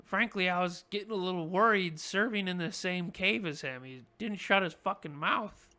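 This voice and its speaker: A man's voice: sits high, normal speed, pushed and bright, pitched above the performer's own voice. A man voicing a sly male goblin tribal leader who gloats crudely about a fallen rival. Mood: gloating. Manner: gleeful, crude and boastful.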